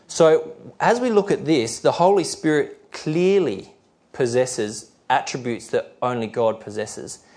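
Measured middle-aged male preacher. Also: mid-range voice, darkish tone. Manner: slow, careful reading of scripture verses; explanatory, with fillers and restarts. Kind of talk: sermon.

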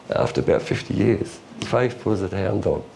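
A man preaching a sermon in a folksy, illustrative way, with quick asides and chuckles. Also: on the low side, vocal fry, mellow, slight background noise. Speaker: pastor.

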